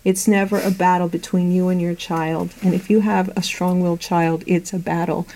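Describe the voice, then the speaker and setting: A middle-aged woman preaching to a group in a meeting room, earnest and conversational, with lively anecdotes. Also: lowish voice, moderate pace, rough recording. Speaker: Bible teacher. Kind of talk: sermon to a women's group.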